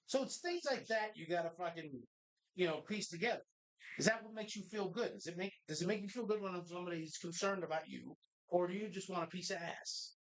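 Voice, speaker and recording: A man's voice: high-pitched, brisk, a bit bright, low-quality recording. A man co-hosting a live podcast from a bar, talking bluntly and swearing freely as he rants. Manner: blunt, profane, ranting. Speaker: co-host.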